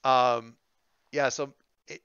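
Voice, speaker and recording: A man running a tabletop game, rambling along with easygoing ums and restarts. His voice is bright and smooth, recorded close and dry through slightly dull, lo-fi audio. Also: mid-range voice, fairly even intonation, slow, no room sound. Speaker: game master.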